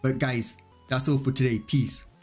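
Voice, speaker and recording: A man's voice: medium pitch, steady tone, normal speed, sharp tone, faint music behind. A man reading a fan story aloud in an unpolished way, with small slips, as host of his channel.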